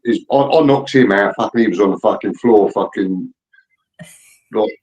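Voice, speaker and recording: A man's voice: fairly low pitch, normal speed, a little mellow, dull audio. A man telling a rowdy story in casual chat, blunt and full of swearing. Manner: blunt, profane, laddish storyteller.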